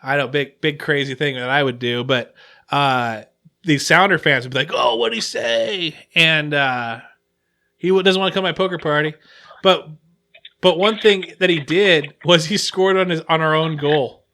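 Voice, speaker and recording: Rambling bright-voiced man host. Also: fairly high pitch, moderate pace. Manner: rambling, trailing off and restarting mid-sentence. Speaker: podcast host. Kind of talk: casual chat.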